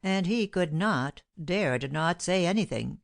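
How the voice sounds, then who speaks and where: A woman narrating a classic novel as an audiobook, reading in a measured, steady way. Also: fairly low pitch, gravelly, no room sound, studio quality.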